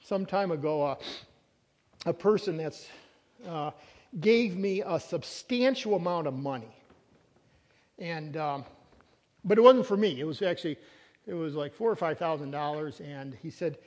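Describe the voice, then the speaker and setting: A man's voice: on the high side, expressive, normal speed, pauses often. A man preaching a sermon as pastor, earnest and emphatic, repeating key words. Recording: reverberant hall, long echo.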